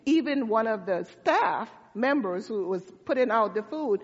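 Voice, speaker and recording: A woman pastor preaching a sermon, telling a story in a conversational way with asides to her congregation. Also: a little high. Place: church sanctuary. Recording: dull sound with long hall reverb.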